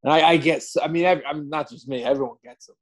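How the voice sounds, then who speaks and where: A man's voice: on the high side, quick pace. A man in casual chat, laid-back and profane, griping about annoying phone calls.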